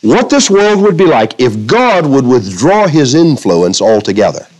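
A man's voice: medium pitch, sing-song, measured pace, darkish tone, low-quality recording. A man preaching a sermon to a congregation, telling illustrations and quoting scripture with shifting emphasis. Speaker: pastor.

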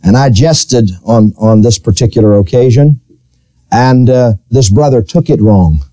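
A male pastor preaching a sermon in church, telling a personal story with lively, animated delivery. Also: unhurried, no room sound. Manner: storytelling preacher, animated, rising to high pitch when quoting.

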